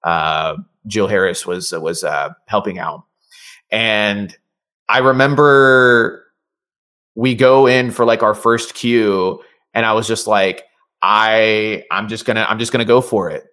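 Man, voice actor guest, low voice, casual interview chat, rambling with fillers. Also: fairly even intonation, slow, sharp tone. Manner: chatty, many fillers and restarts.

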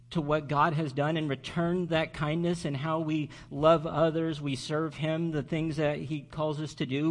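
A man preaching a sermon as pastor, earnest and slowing down on key words for emphasis. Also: on the high side.

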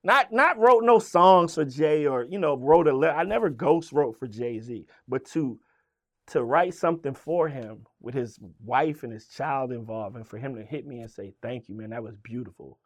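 A man from Virginia tells stories in a relaxed interview. He swears freely and acts out the voices of the people he quotes. His medium-pitched voice sits close and dry, with no room sound. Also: moderate pace, no room sound. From Virginia, USA. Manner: animated storyteller, swearing, acting out quoted voices. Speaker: guest, rapper. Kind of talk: casual storytelling interview.

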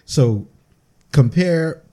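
Husky Bahamian man telling blunt stories. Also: fairly high pitch, lively intonation, drawn-out words, warm tone. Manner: blunt, profane storytelling. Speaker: podcast guest. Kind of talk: casual podcast banter.

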